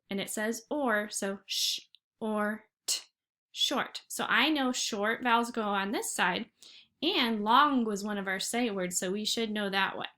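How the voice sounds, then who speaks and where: A woman's voice: a little high, bright, forceful tone. A woman teaching a first grade phonics lesson, speaking patiently and encouragingly and stretching out each sound for young children. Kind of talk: recorded online phonics lesson.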